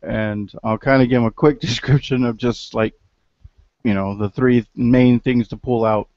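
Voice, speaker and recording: A mid-pitched man explains his plan quickly at the gaming table, with plenty of fillers. The sound is dry and a bit dull. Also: fairly even intonation, dry recording. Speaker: player.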